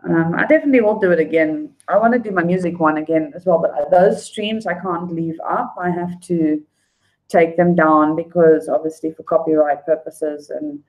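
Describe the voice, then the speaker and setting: A woman's voice: low-pitched, moderate pace, a little mellow, rough recording. A woman from South Africa chatting casually on a livestream in a rambling way full of fillers.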